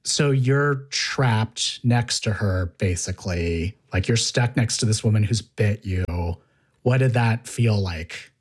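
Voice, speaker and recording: A woman's voice: rumbling low, takes it slowly. A woman interviewing a guest in conversation, probing with pointed follow-up questions.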